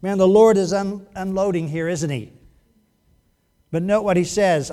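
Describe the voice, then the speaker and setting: High-voiced joking male pastor. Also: unhurried. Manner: animated and joking, acts out quotes. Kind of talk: sermon.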